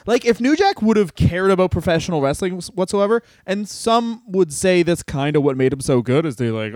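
Casting: man with a slightly high voice, rambling, profane podcast co-host, close and dry. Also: expressive, brisk, few pauses, darkish tone, no room sound. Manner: laughing, profane, rambling with restarts. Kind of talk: casual podcast chat.

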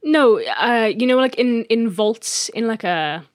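A woman's voice: a little high, animated, dry recording, clean studio sound. A woman co-hosting a casual podcast, playfully teasing as she tells a spooky story. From England. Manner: playful, teasing, dramatic pauses. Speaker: podcast co-host.

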